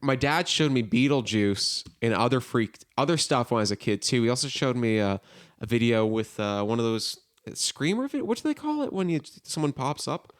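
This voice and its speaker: A man hosting a podcast in casual chat, telling lively stories with plenty of filler words. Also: medium pitch, moderate pace. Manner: animated storyteller, lots of filler "like". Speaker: podcast host.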